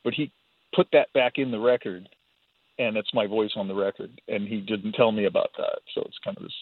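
The guitarist being interviewed by phone has a lowish voice and a brisk delivery, with no echo. He speaks casually, rambles, makes light of himself, and repeats words often, all on a tinny, husky line.

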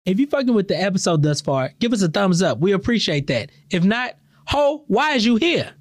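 A woman's voice: sing-song, a little fast. Heated, profane woman podcast host. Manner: blunt, heated and sarcastic, with rhetorical questions; swings between high exclamations and low, dropped asides. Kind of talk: profane ranting podcast monologue.

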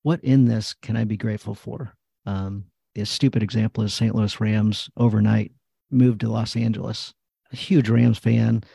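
A man's voice: lowish voice, steady tone, moderate pace, gravelly, mellow, slightly rough, no room sound, clean studio sound. A man in casual podcast conversation, telling stories and acting out his own prayers and dialogue.

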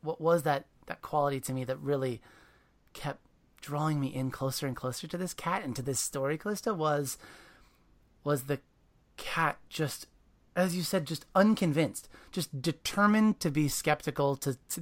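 Gravelly, halting interview host. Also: medium pitch. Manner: warm praise, halting restarts. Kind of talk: conversational book interview.

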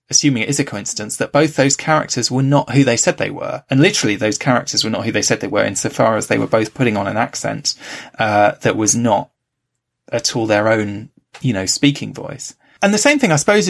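Gravelly-voiced man musing in conversation. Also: mid-range voice. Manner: thoughtful, hedging with many fillers. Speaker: podcast co-host. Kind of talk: casual discussion.

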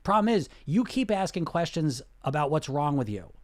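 A man's voice: fairly high pitch, very animated, moderate pace. A man talking as a weight loss coach in a casual way, blunt and full of rhetorical questions, often laughing. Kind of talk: casual coaching talk to viewers.

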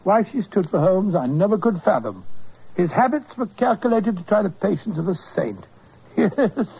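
An actor playing a kindly doctor who narrates and reassures, in a 1940s radio drama, speaking briskly. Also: male voice, high voice, animated, gravelly, breathy edge, full character voice. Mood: telling. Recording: dull lo-fi old radio recording.

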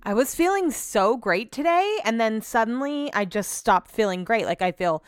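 A woman chats on her own podcast in a candid, rambling way, leaning on little filler words as she goes. Her voice comes through smooth and clear. The sound is close and dry, with no room echo. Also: on the high side, lively intonation, normal speed. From Sacramento area, US. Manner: chatty, candid, heavy on "like" fillers. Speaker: podcast host. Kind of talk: casual solo chat. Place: at home.

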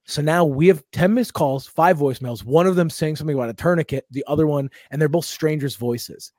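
A young adult man hosting a comedy podcast, telling a long story in a loose, profane, animated way. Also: on the high side, a little fast, no room sound, clean studio sound.

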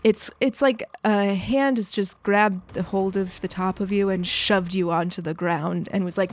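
A woman's voice: mid-range voice, steady tone, measured pace, hardly any pauses, faint music behind. A woman running a tabletop role-playing game as game master, narrating scenes and rulings and laughing often.

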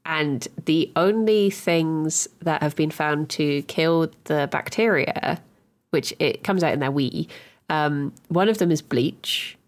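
A woman co-hosting a casual podcast chat, playful and quick to laugh. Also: sits low. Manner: giggly, laughs often, animated and playful. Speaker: podcast co-host.

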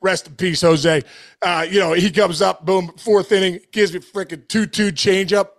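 A middle-aged man, a former ballplayer, telling an animated locker-room story in casual podcast chat, peppered with "dude.". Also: sits high, normal speed. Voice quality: gravelly, animated, swears and says dude.

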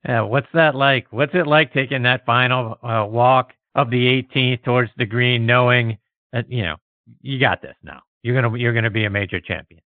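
A man's voice: mid-range voice, normal speed, dry recording. A man hosting an interview who asks leading, enthusiastic questions. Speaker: podcast host. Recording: tinny phone-line sound, dry.

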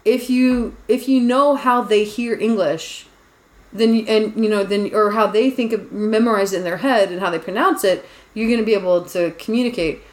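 A woman's voice: medium pitch, moderate pace. A woman hosting a casual podcast chat, telling rambling stories with lots of "like"s and restarts. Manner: rambling, chatty storyteller with frequent "like"s. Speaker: podcast host. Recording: roomy echo.

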